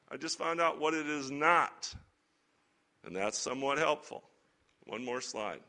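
A man teaching a Bible lesson to a church group in a relaxed, conversational sermon style with chatty asides. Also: a little high, unhurried, pauses often. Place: church or lecture hall with slides.

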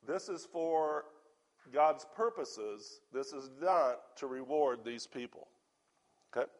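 A man with a hoarse voice preaching a sermon, reading scripture aloud and asking his listeners earnest questions. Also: medium pitch, expressive, takes it slowly.

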